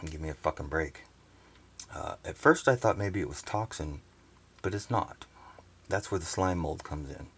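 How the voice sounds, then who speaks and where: Deep-voiced man ranting profanely. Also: moderate pace, pauses often, a bit bright, breathy edge. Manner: profane, rambling and indignant. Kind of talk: casual vlog rant. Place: on a sailboat. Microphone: handheld camera set down nearby.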